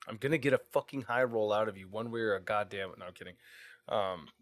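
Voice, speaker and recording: A man's voice: fairly low pitch, fast, dry recording. A man narrating as dungeon master, casual and loose, swearing at times. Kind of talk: narrating a tabletop game.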